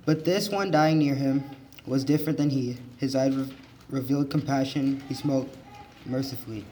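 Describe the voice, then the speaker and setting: A man with a mellow, dark-toned voice reads a poem at church in a plain, steady way. A faint hiss runs under his voice. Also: medium pitch, normal speed. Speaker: scripture reader. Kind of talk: reading a poem aloud.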